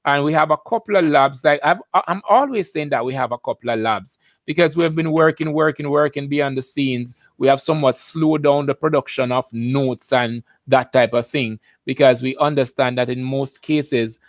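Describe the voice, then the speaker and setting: A man's voice: medium pitch, normal speed, few pauses, dry recording. A Jamaican man, a biology teacher, hosting a live-stream lesson, chatty and upbeat as he greets viewers by name.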